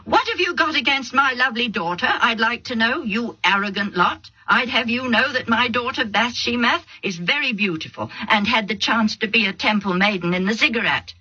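A woman's voice: sits low, moderate pace, few pauses, bright, forceful tone, breathy edge, lo-fi sound, heavily acted. A woman voicing an angry older man who indignantly defends his daughter with a raised voice. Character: angry older man, proud father of the bride.

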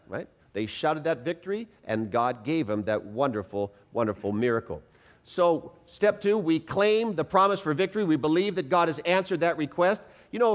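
Emphatic preacher man. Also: on the high side. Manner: emphatic, with rhetorical questions to the congregation; storytelling with acted quotes. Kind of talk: sermon.

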